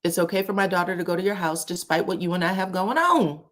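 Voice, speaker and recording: A woman's voice: on the low side, fast. A woman chatting casually on a live stream, telling family stories with frequent laughs and acting out quoted lines in a raised voice. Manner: animated, laughs often, acts out quotes in a raised voice.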